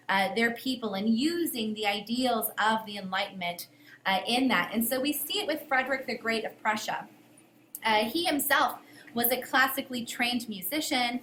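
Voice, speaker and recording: A woman's voice: a little high, fairly bright tone. A woman with a Southern US accent, co-hosting a history podcast lesson in a chatty way with fillers. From American South. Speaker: history teacher, podcast co-host. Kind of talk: educational podcast discussion. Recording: echoey room, faint hiss.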